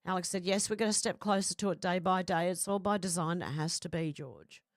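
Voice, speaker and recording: A woman's voice: lowish voice, a little fast, dry recording, studio quality. A woman who has a cold and a runny nose, chatting casually on a livestream and reading out viewer comments with frequent apologies.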